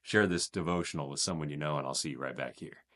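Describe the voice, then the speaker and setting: A man's voice: very deep voice, fast. A man hosting a daily devotional, reading scripture aloud and commenting on it with emphatic stresses and a chuckle. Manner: lively and emphatic, stressing repeated words with a chuckle. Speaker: devotional host.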